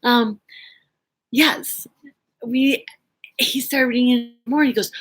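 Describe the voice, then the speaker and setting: Slow-talking husky woman telling a story. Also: fairly high pitch, steady tone, fairly bright tone, rough recording. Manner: rambling, lots of fillers and restarts; laughs often while telling a story. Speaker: vlogger. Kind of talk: casual personal storytelling.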